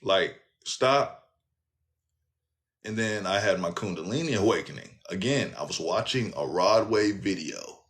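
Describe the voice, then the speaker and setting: A man hosting a casual talk show, telling a personal story in an animated, profane way and speaking straight to his listeners. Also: sits low, unhurried. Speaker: host.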